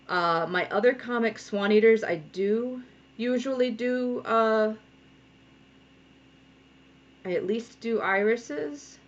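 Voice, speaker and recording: A woman in her thirties with a Rhode Island accent, a comic artist leading a relaxed draw-along from home and talking through each step. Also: mid-range voice. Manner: chatty, encouraging, thinking aloud while drawing. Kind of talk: live draw-along tutorial. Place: home studio. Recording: dull lo-fi sound with faint noise.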